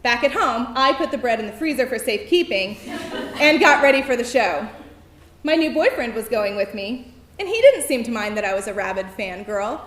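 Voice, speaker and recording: A high, bright-toned woman performs a personal story live on stage, her delivery wry, self-mocking and lively. The voice is caught through a stage mic in a roomy venue with a little echo, and faint noise sits underneath. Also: brisk. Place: theater stage before an audience.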